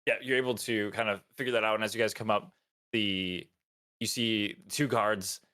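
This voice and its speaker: A man's voice: fairly low pitch, steady tone, normal speed, pushed and bright, clean tone, no room sound, clean studio sound. A man narrating as game master in a tabletop game, loose and hesitant with many fillers.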